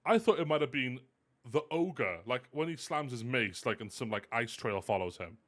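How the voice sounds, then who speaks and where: A man hosting a casual live stream, animated and self-mocking, often laughing. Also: mid-range voice, normal speed. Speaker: host.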